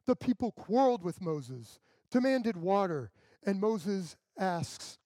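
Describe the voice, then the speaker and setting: A man's voice: high voice, sing-song, slow pace, hardly any pauses, dark tone, dry recording. A male pastor preaching a sermon in a conversational way, acting out the people he quotes.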